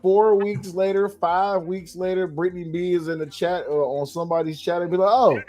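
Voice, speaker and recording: A man's voice: high-pitched, flat delivery, a little fast, a little mellow, faint music behind. A man hosting a casual live podcast, talking loose and emphatic with slang. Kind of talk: casual livestream chat.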